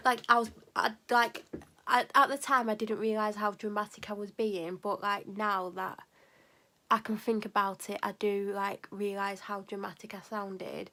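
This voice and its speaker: A woman's voice: mid-range voice, a little slow. A young woman tells a story to camera in a casual vlog, rambling and acting out the dialogue. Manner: animated, rambling, acts out quoted dialogue. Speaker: vlogger.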